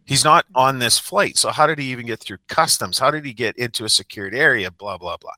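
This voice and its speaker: A man's voice: medium pitch, brisk, sharp tone, no room sound. A man who coaches a sports team, telling a rambling, self-mocking story in a casual podcast chat.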